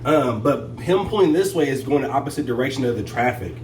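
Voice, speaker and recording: A man casually telling a story, animated and full of fillers and restarts. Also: mid-range voice, brisk, echoey room, recorded from a distance, a little hiss or hum, low-quality recording. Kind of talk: casual story time chat.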